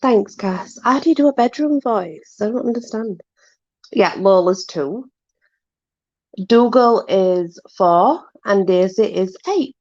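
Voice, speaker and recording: A woman's voice: mid-range voice, darkish tone, dry recording, lo-fi sound. A woman chatting casually, apologetic and self-deprecating, fussing over her dogs. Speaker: channel host with dogs. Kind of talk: casual chat.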